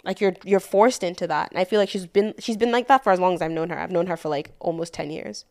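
A woman's voice: fairly low pitch, quick pace, darkish tone. A woman co-hosting a podcast, talking earnestly and thoughtfully in casual chat, often with "like" as filler. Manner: earnest, reflective, peppers speech with "like". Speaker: podcast co-host.

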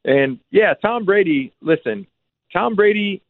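A man's voice: lively intonation, measured pace. A man, a former football player, giving emphatic sports analysis as a phoned-in guest on a radio show. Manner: emphatic, repeats names with rising pitch. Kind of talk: casual sports radio chat. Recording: tinny phone line, dry.

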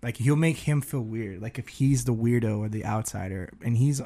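A man's voice: medium pitch, normal speed, warm tone. Casual young male podcast host, slangy, mid-range voice. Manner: slangy, laid-back, says "bro" often. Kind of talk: casual chat.

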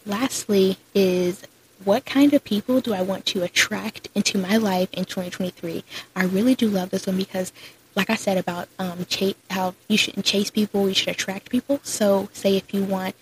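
A woman's voice: mid-range voice, fairly even intonation, normal speed, slight background noise, rough recording. A young woman hosting her own podcast, chatting casually and upbeat, with lots of "like" and "so". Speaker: podcast host. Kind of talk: casual solo podcast chat.

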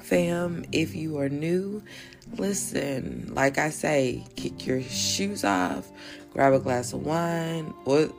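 A woman's voice: low-pitched, vocal fry. A woman hosting a podcast, chatting casually with playful asides and laughs. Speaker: podcast host. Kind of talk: casual chat.

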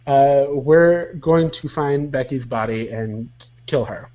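A man's voice: mid-range voice, a little mellow. Rambling male tabletop player, dull mic. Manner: rambling, halting, chuckles through lines. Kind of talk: in-character tabletop play over a voice call.

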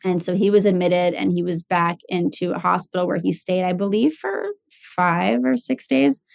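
A woman's voice: on the low side, normal speed, vocal fry, darkish tone. A young woman telling a personal caregiving story in a candid, casual way, full of fillers. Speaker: caregiver sharing her story.

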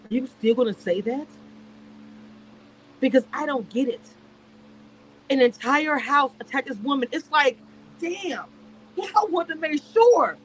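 High bright-voiced woman doing a heated live-stream rant, keeps repeating herself for emphasis. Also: measured pace, long pauses, slight background noise, low-quality recording. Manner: emphatic and repetitive, heated and exasperated. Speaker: YouTube reality show reviewer.

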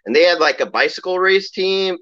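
A man's voice: sits high, lively intonation, brisk, bright, forceful tone, no echo, lo-fi sound. A man from New telling a rambling, laughing story as a guest, full of fillers and restarts. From New York City. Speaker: guest, bike company owner. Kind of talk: casual storytelling.

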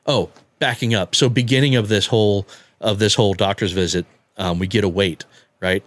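Low-voiced man retelling a story. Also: fairly even intonation, dry recording. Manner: halting, repeats words, acts out quotes. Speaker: guest telling his story. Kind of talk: podcast storytelling.

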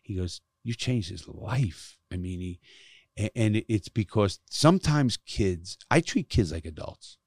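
Very animated, with a lowish, darkish voice at normal speed, this middle-aged guest shares life stories casually in a dry, clean studio recording. He once served time and now speaks to youth, and he's blunt and forceful, cursing frequently for emphasis.

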